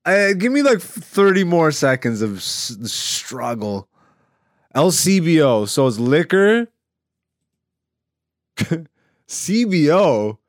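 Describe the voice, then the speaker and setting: A man hosting a casual comedy podcast, joking and quick to laugh. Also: fairly high pitch, big pitch swings, dry recording, clean studio sound. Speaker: podcast host. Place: studio.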